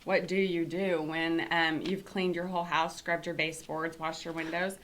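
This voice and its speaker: A woman's voice: sits low, little pitch movement, moderate pace, heavy background noise. A middle-aged woman hosting a casual talk show, chatty and upbeat, with many fillers. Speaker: show host and company CEO.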